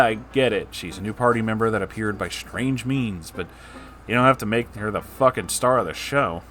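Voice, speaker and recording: Dude reading a story out loud, cutting in w sarcastic swear-y comments, mid pitch. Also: male voice. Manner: casual, sarcastic asides, swears. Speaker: story narrator.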